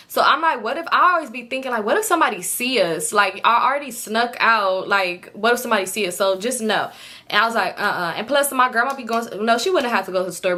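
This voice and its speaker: Bright-voiced animated woman telling a story. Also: a little high. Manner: animated, slangy, swears freely, addresses viewers as y'all. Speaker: storytime vlogger. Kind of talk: casual storytelling.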